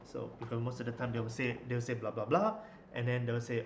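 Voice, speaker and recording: A man's voice: medium pitch, flat delivery, fast, hardly any pauses, muffled recording. A young man, telling a story in a rambling casual way with many fillers and restarts. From Malaysia. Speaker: vlogger. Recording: echoey room, faint noise.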